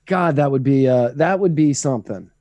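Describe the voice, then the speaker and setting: A man's voice: medium pitch, moderate pace, no echo, dull audio. A man co-hosting a podcast, giving opinionated, rambling political takes in casual chat. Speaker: podcast co-host.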